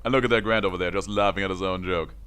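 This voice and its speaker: A man's voice: low voice, steady tone, racing, a bit bright, smooth. A man streaming a video game, commenting with a chatty manner and frequent laughter.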